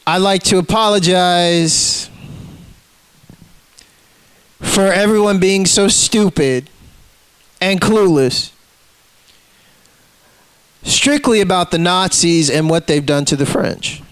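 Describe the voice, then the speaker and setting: A man with a high-pitched voice rants, cursing freely and calling people out. His sound is dry and close, with no room behind it. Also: slow, long pauses, smooth, no echo, poor audio. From United States. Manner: ranting, profane, confrontational. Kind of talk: profane rant to camera.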